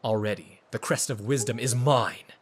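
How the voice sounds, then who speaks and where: A man voicing a menacing male demon king sorcerer in a video game, speaking slowly and solemnly. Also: mid-range voice, husky, lightly acted. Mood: brooding. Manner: slow, solemn, theatrical delivery.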